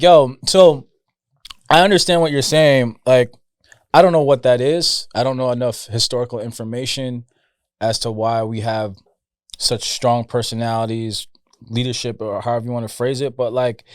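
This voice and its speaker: A man's voice: medium pitch, dry recording, clean studio sound. A young man from a Jamaican background, co-hosting a podcast in casual chat and telling stories. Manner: animated, laughing banter. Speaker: podcast co-host.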